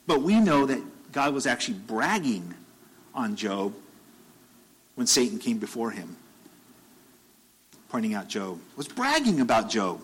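A man's voice: mid-range voice, lively intonation, a little slow, long pauses, breathy edge, low-quality recording. A man delivers a sermon in an everyday, conversational tone. He circles back on his phrases, and his voice climbs into urgent, repeated questions when he makes a point. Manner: conversational, rises to emphatic bursts, repeats phrases. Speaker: preacher.

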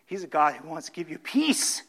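Male pastor, slightly high voice going hoarse, fervent sermon-and-prayer delivery. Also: very animated, normal speed, fairly bright tone. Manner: fervent, pleading, voice dropping low in prayer. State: losing his voice.

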